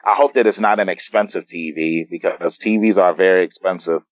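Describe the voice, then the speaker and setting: A man with a low voice talks through a comic chapter in casual podcast chat. He hesitates and restarts often. The sound is dull and lo-fi, and completely dry. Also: steady tone, no room sound. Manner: halting, many fillers and restarts. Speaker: podcast guest.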